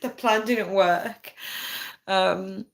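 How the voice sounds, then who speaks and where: A woman's voice: medium pitch, steady tone, extremely slow, gravelly. A young woman chatting casually to her viewers, telling a story and reading comments, often adding "right?" and "guys" and laughing. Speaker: vlogger reading live chat.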